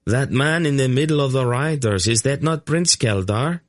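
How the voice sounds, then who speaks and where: A man voicing a male warrior companion who calls out in excited, formal speech. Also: medium pitch, moderate pace, dry recording, clean studio sound, pitched above the performer's own voice, close to an everyday voice. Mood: alarmed.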